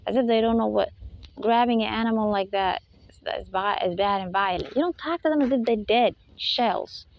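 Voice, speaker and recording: A woman's voice: mid-range voice, normal speed, lo-fi sound, slight background noise. A woman giving an unscripted spiritual lecture, emphatic and full of rhetorical questions, often laughing between points. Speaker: spiritual talk host.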